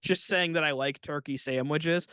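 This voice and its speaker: A man with a bright, forceful, slightly high voice, chatting casually as a comedian co-hosting a podcast. His tone is smooth and crisp and the sound is dry and close. He keeps breaking into giggles as he talks. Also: moderate pace, dry recording. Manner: giggly, laughs often mid-sentence. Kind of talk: casual chat.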